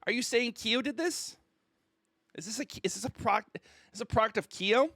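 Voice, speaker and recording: A man's voice: very high-pitched, moderate pace, bright, forceful tone, dry recording, studio quality. A man streamer ranting on a casual livestream, mock-indignant and theatrical, who keeps asking "okay?".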